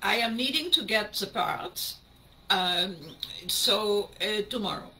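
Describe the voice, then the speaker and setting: A woman putting on a German accent to voice an earnest, formal male repairman speaking halting English. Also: mid-range voice, lively intonation, bright, forceful tone, a little hiss or hum, heavily acted.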